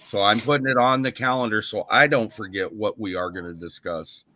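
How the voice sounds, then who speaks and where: A man's voice: lowish voice, steady tone, fairly quick, pushed and bright, no echo. A man hosting a casual group chat, earnestly organizing plans and thinking aloud as he talks. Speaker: channel host leading a group call.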